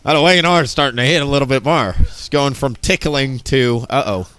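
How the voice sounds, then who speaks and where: A man's voice: mid-range voice, fairly quick, a bit bright, clear, resonant tone, dry recording. A young American man from Tennessee, joking and chatting with his viewers as he comments on his gameplay. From Tennessee, southeastern United States. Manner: joking, chatty, talking to chat. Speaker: streamer playing a game.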